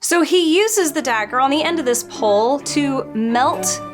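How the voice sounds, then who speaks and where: A woman's voice: high voice, expressive, a little slow, over loud music. A woman casually recapping and nitpicking a TV episode, chatty and exasperated, laughing now and then. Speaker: show reviewer.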